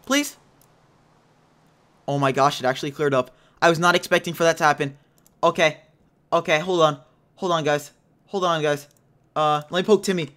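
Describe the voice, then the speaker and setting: A man hosting a video game let's play, chatting to viewers and breaking into panicky yelling when things go wrong, speaking into a headset mic. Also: fairly high pitch, moderate pace, pauses often. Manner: excitable, panicky yelling under pressure. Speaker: gaming channel host.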